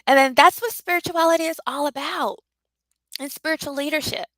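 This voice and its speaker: A woman's voice: high-pitched, fairly quick, a bit bright, no echo, poor audio. A woman teaching spiritual leadership with emotional, preacherly emphasis and repetition. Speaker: leadership coach.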